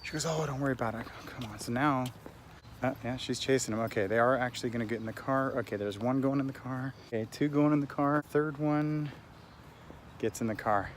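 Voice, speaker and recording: A hyped-up man talks straight to the camera as he walks residential streets, boastful and full of stories. His voice sits at an ordinary middle pitch. Street noise and passing cars come through clearly behind him. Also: steady tone, brisk. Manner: hyped, self-promoting, storytelling. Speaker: real estate agent. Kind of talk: casual vlog to camera.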